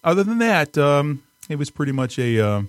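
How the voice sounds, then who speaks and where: A man's voice: a little high, sing-song, normal speed, dry recording. An older man hosting a radio show, telling rambling, laughing stories in casual chat with a co-host, swearing freely. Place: radio studio. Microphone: studio mic.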